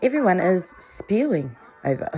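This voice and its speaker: Low-voiced woman giving a profane psychic reading. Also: noisy background. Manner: profane, laughs often, keeps asking "okay?". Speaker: psychic reader. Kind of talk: casual tarot reading monologue.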